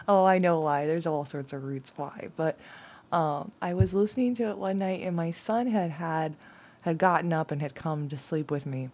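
A middle-aged woman reading tarot and oracle cards in a rambling, chatty way, laughing often and at times dropping to a soft whisper. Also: low voice, moderate pace. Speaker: tarot and oracle card reader. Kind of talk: casual card-reading chat.

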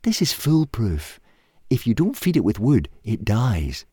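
A man voicing a cheerful, eager caveman inventor in a storybook reading, lifting his voice into a bright, chirpy tone. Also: mid-range voice, wildly swooping pitch, unhurried, breathy edge, no room sound, clean studio sound, voice pushed up, full character voice.

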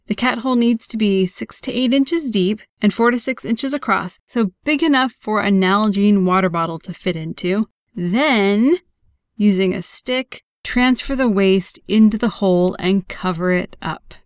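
A woman's voice: medium pitch, a little slow, clean tone, no room sound, studio quality. A woman hosting an outdoor-advice podcast, talking casually and with a joking, chatty manner. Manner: chatty, joking, with light laughs. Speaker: podcast host.

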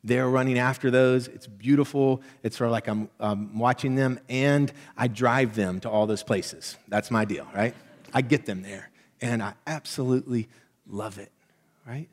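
A middle-aged man preaching a sermon as pastor, conversational and animated, checking in with the congregation as he goes. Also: medium pitch, moderate pace. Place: church sanctuary. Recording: long hall reverb.

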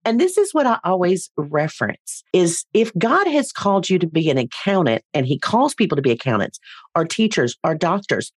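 A middle-aged woman talks as a podcast guest, chatty and full of playful asides. Her pitch swings widely, and the recording is dry and close. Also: very animated, moderate pace, dry recording. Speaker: speaker coach guest. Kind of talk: casual interview.

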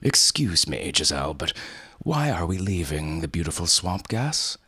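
A man's voice: low-pitched, very animated, moderate pace, pushed and bright, slightly rough, no room sound, full character voice. A man voicing a snooty, petulant talking male cat who lectures in a condescending tone. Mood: lecturing.

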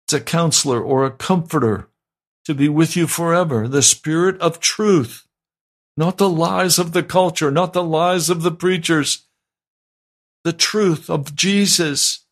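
A man preaching a sermon as pastor, fervent and emphatic, repeating his pleas. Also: on the high side. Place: broadcast sermon.

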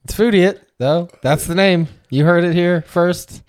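A man's voice: high-pitched, unhurried, no room sound, clean studio sound. A man co-hosting a casual podcast, rambling and interrupting himself as he talks, laughing often between thoughts. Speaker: podcast co-host. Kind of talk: casual chat.

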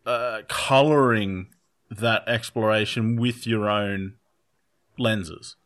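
A man's voice: fairly low pitch, steady tone, slow pace, fairly bright tone. A man in casual chat, an occupational therapist who explains his points earnestly, restarting sentences as he goes.

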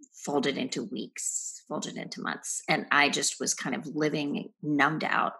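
Husky low-voiced woman telling her story. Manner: reflective, earnest storytelling with soft trailing phrases. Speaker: podcast guest. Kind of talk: personal testimony in a podcast interview.

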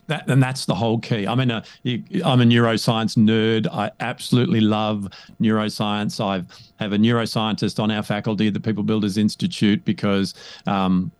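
A man's voice: on the low side, moderate pace, clean tone, no echo. Emphatic male coach in an interview. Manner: emphatic, animated, often asks "right?". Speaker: guest, leadership coach. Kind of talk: conversational interview.

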